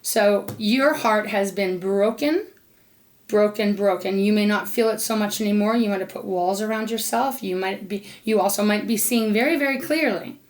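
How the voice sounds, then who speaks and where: A woman's voice: mid-range voice, normal speed. Earnest woman reading tarot cards. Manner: earnest, emotional, speaking straight to the viewer; talks aloud to Spirit between cards. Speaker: tarot reader. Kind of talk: unscripted intuitive tarot reading.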